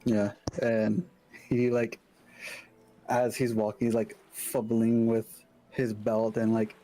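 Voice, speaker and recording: A man's voice: fairly low pitch, monotone, takes it slowly, dark tone, low-quality recording. A man playing in a tabletop game, casually describing his character's actions with lots of "like". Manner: casual, with frequent "like". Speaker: player.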